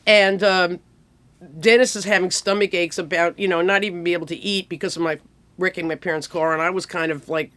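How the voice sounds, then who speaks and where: A woman in her sixties telling lively stories from her music career, acting out people as she goes. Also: lowish voice. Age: 60s. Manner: animated, acts out people in quick impressions. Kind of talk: casual storytelling.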